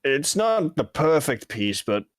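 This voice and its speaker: A man's voice: on the high side, very animated, unhurried, no echo, clean studio sound. A man in a tabletop game talking in character, casual and curious, asking questions. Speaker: player. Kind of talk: in-character tabletop role-play.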